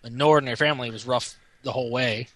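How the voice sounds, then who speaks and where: A man's voice: mid-range voice, fairly even intonation, a crowd in the background. A man co-hosting a casual chat about TV shows, talking in a jokey, rambling way. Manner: chatty, jokey, puts on quick silly voices.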